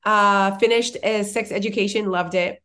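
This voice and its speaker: A woman's voice: medium pitch, steady tone, normal speed, pushed and bright. Woman with a strong accent, gushing. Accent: strong non-native accent in English. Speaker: podcast co-host. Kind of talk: casual chat.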